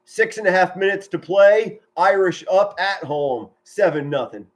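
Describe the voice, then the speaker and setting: A man calling a football game play by play from his home, with a somewhat high voice. He talks with energy and a chatty, folksy manner, drifting into friendly asides between plays. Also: unhurried. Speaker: amateur play-by-play commentator. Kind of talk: live-streamed play-by-play commentary. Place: home, indoors.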